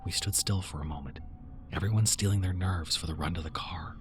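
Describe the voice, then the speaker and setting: A man narrating a first-person horror story in a tense, measured way. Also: low voice, slight background noise.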